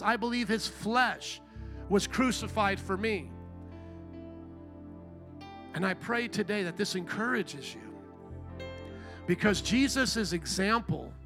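A man preaching a sermon as pastor, emphatic and asking the congregation questions. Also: high-pitched.

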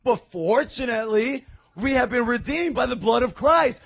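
Fervent high-voiced, gravelly male preacher. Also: normal speed, muffled recording. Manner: fervent, swings from low storytelling to shouting praise. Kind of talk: evangelistic sermon.

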